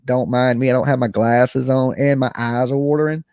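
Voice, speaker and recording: A man's voice: mid-range voice, steady tone, moderate pace, darkish tone, clear, resonant tone, dry recording, studio quality. A man, just woken up, ranting casually as a livestream host, rambling and repeating "okay" and "you know what I'm saying".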